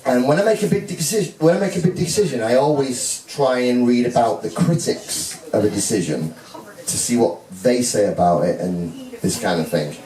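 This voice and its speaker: A man's voice: mid-range voice, expressive, normal speed, warm tone. A man giving a joking, self-mocking groom's speech at a wedding reception. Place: wedding reception hall with guests. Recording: echoey hall, heard from a distance, with a crowd.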